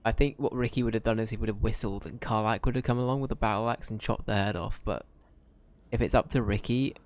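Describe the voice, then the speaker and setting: A man's voice: on the low side, steady tone, fast talker. Rambling man streaming a game. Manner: rambling, self-mocking, jokey. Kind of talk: casual gameplay commentary.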